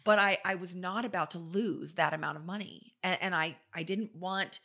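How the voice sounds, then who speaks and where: A middle-aged woman, an interior designer and business owner, telling stories and giving advice in a chatty, animated way, often acting out what people said. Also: on the low side, moderate pace. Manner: chatty, animated storytelling with quoted voices. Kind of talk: casual advice talk.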